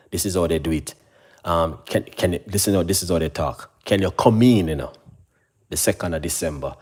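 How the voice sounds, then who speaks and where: A man speaks casually to his audience. He is earnest and repetitive, circling back with "you know what I mean" as he encourages them. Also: slightly rough. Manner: mimics receptionists in a higher voice. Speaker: channel host. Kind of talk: casual motivational talk to camera.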